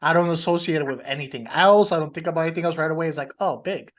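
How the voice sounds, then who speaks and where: A man co-hosting a podcast, telling stories in a relaxed way and laughing often. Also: fairly high pitch, rapid-fire. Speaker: podcast co-host. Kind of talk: casual chat.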